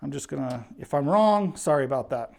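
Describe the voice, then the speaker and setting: A man's voice: on the high side, lively intonation, brisk, creaky, a little hiss or hum. Chatty man hosting a live stream. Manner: chatty, reads viewer names aloud. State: out of breath. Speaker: livestream host. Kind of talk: casual live-stream commentary.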